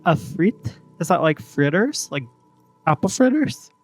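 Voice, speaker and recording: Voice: mid-range voice, big pitch swings, unhurried, faint music behind. A streamer casually commenting and reading dialogue while playing a game, with chatty asides.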